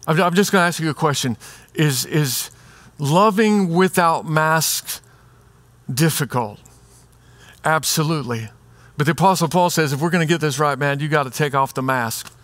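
A male pastor preaching in a relaxed, conversational way, sounding like he is talking straight to the room. His voice sits fairly high for a man. He often acts out little scenes to make his point. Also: moderate pace, no room sound. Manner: conversational, animated, acts out examples. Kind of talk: sermon.

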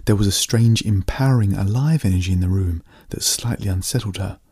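A man reading a story aloud in a steady, plain narrating voice. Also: sits low, brisk, breathy edge.

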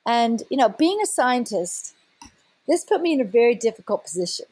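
An older woman, a scientist, animatedly recounting a personal story in an interview with a husky voice. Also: on the high side, moderate pace, dry recording. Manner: animated, breaks into laughter and restarts. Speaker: scientist guest.

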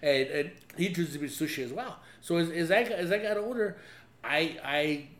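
A man's voice: on the high side, brisk. A man telling profane stories in a casual chat, laughing often. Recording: echoey room with faint hum.

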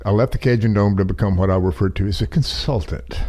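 A man's voice: on the low side, fast, darkish tone. A middle-aged man telling a long personal story in a rambling, folksy, self-deprecating way with chuckles. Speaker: podcast guest. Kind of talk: casual storytelling.

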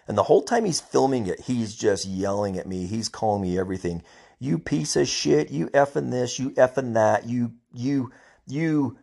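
A man's voice: mid-range voice, a little mellow. A middle-aged man, a police officer, ranting angrily on his own podcast, emphatic and repeating himself. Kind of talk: personal podcast rant.

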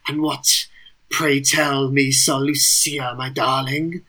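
A man voicing a sly, greedy creature in a cave, with a deep, lisping, slow drawl. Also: little pitch movement, sharp tone, exaggerated voice.

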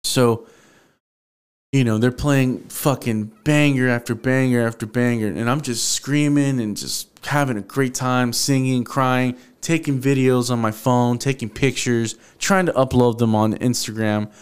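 A man's voice: medium pitch, steady tone, a little slow, clean tone. A young man from Houston hosting a solo podcast, telling a personal story in a casual, profane, emotional way. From Houston, Texas. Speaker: podcast host.

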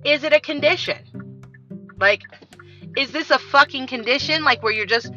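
A woman hosting a podcast, talking bluntly in a candid, profane monologue with animated storytelling. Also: sits high, normal speed. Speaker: podcast host. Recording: dull lo-fi recording with faint music.

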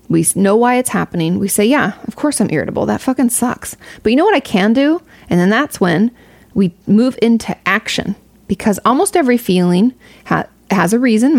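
A woman's voice: mid-range voice, gravelly, darkish tone, dry recording. A young woman giving casual advice to her viewers, candid and rambling, swearing freely. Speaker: streamer answering a viewer question.

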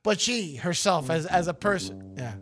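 A man's voice: on the high side, very animated, normal speed, a bit bright, soft background music. Joking, rambling man radio host. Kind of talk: casual radio chat.

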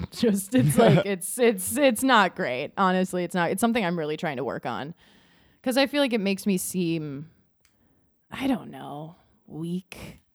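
A woman in casual conversation, talking hesitantly with many fillers and trailing off quietly. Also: on the low side, big pitch swings, measured pace, no room sound, clean studio sound. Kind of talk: casual podcast chat.

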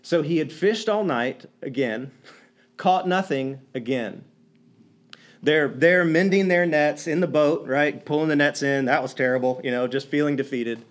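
Male preacher, slightly higher voice, conversational and animated storytelling sermon. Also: a little slow. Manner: animated, acts out quoted lines, many restarts.

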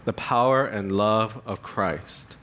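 A man's voice: lowish voice, slow, fairly bright tone. A male pastor preaching a sermon in an earnest, confessional way, building emphasis through rhetorical questions.

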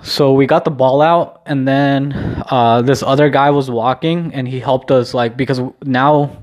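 A man's voice: medium pitch, steady tone, a little slow, darkish tone. A young man casually telling a rambling, profane story in a laid-back vlog. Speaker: vlogger.

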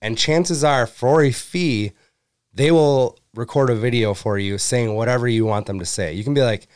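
A man's voice: mid-range voice, moderate pace, darkish tone, clean tone, dry recording. Man explaining things dryly on a podcast. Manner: dry, explains plainly, jokes in asides. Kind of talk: casual chat.

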